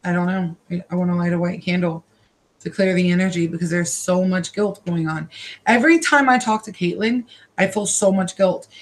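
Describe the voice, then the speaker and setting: A woman doing a live-streamed psychic reading from her own room. She talks haltingly and emotionally and repeats herself often. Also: fairly low pitch. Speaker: psychic card reader.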